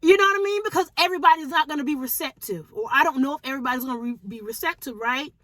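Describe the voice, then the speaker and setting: Woman, high voice, informal preaching, emphatic, repeats for emphasis, dry close sound. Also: rapid-fire, fairly bright tone, dry recording. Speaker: prophetic teacher.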